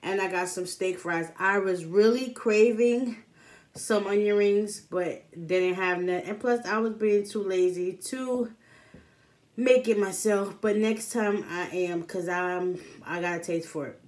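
A woman's voice: medium pitch, a little slow, a little mellow. A young adult woman chatting casually to her camera as a food vlogger, upbeat and informal. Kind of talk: casual eating-show chat to camera.

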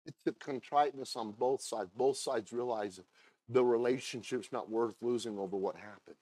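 A man preaching a sermon as pastor, moving between low confiding talk and loud impassioned shouting, often repeating and restarting phrases. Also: normal speed, dry recording.

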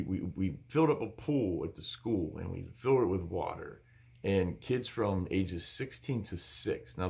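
A male pastor teaching from the Bible in an emphatic, animated preaching style. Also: low voice, vocal fry.

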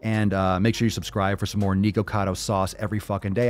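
A man's voice: fairly low pitch, little pitch movement, quick pace. A man hosting a fitness video, giving a fired-up, mocking reaction commentary full of swearing. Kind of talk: profane ranting reaction commentary.

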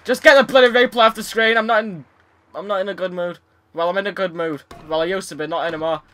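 A man's voice: high-pitched, steady tone, fast talker, a bit bright. A young man commentating his tennis game, frustrated, swearing and sarcastic. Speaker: gaming YouTuber. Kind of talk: let's play commentary.

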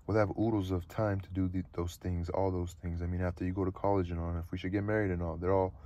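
A man's voice: deep voice, flat delivery, fast talker, mellow, highs cut off, natural voice. A man reading the lines of a prim, annoyed teenage girl who scolds in short replies.

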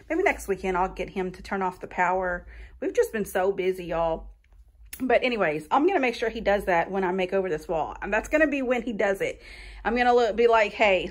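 A young woman, chatting casually to camera at home about her makeover plans. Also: mid-range voice. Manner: chatty and folksy, addresses viewers as y'all.

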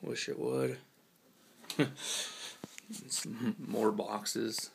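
A man with a scratchy, hoarse voice gives a laid-back, rambling tour of his collection at home, with many ums and casual swearing. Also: on the low side, very animated, drawn-out words. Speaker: collector giving a room tour.

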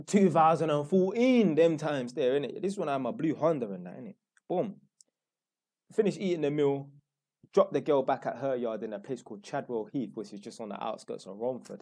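A man's voice: mid-range voice, warm tone. Blunt slangy London man telling a story. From London, England. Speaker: YouTuber. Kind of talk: casual storytelling.

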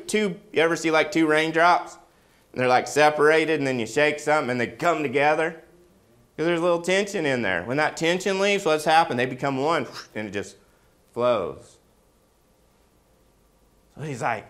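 A man preaching a sermon as pastor, firing questions at the congregation and swinging from hushed lows to emphatic, rising peaks. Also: lively intonation, moderate pace.

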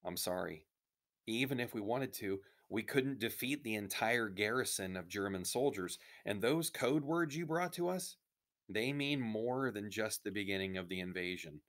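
A man voicing a businesslike male resistance leader, speaking quietly and in a measured way. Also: fairly low pitch, expressive. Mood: regretful.

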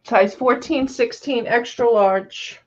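A woman's voice: fairly high pitch, slow. Chatty woman hosting a live sale. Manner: chatty, calls out viewers by name. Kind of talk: casual live-stream selling chat. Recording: dull lo-fi sound.

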